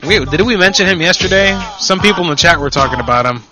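A man's voice: high voice, expressive, quick pace, music in the background. Brash, profane male radio prank caller. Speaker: radio host making prank calls. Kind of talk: crude radio banter. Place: radio studio.

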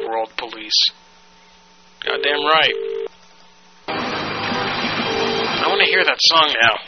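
A man calling in to a radio show, talking and half-singing in a slow drawl. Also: on the high side, expressive. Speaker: caller. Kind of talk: rambling prank phone call. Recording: muffled phone line with loud hiss.

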